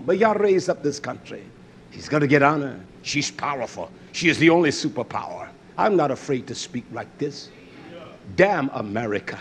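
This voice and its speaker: A male preacher giving a fiery sermon, swinging between loud outbursts and low muttering, repeating phrases and crying hallelujah. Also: sing-song, normal speed, slight background noise.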